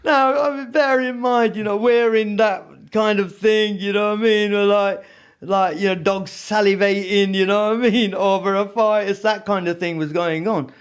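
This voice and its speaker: A man's voice: sits high, fairly even intonation, normal speed, clear, resonant tone. A man telling prison stories in a casual interview, rambling with lots of "you know what I mean". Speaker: podcast guest.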